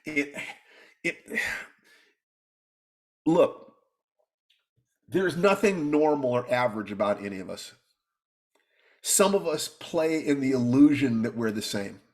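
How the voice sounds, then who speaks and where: A man's voice: medium pitch, expressive, slow pace, long pauses, darkish tone. A middle-aged man teaching his students in an earnest motivational talk, often repeating himself and pleading with them.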